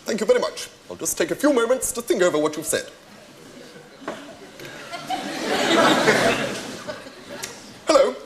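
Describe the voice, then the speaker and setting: A man's voice: high voice, big pitch swings, very fast, few pauses, crowd noise, background noise. A man acting a posh, fussy customer with a plummy accent and precise diction in a sketch before a studio audience. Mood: deadpan, polite. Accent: posh southern English. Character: posh fussy man buying fast food. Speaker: comedy sketch performer.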